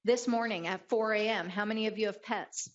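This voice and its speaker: A woman's voice: medium pitch, a little fast, dull audio. A woman giving a motivational leadership talk, telling stories and acting out the people in them. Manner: animated storyteller acting out quotes. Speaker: keynote speaker.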